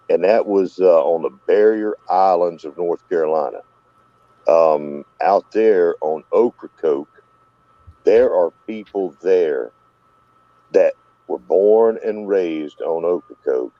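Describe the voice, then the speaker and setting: A man's voice: deep voice, warm tone, dry recording. A man with a Southern US accent hosting a casual live-stream chat, telling rambling stories. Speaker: host. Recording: dull lo-fi dry sound.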